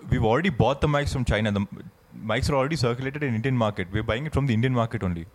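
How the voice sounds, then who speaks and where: Young guy cohost, talks quick, deadpan blunt jokes, cheap usb mic. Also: medium pitch. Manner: blunt, joking one-liners. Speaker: podcast co-host. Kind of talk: casual chat among friends.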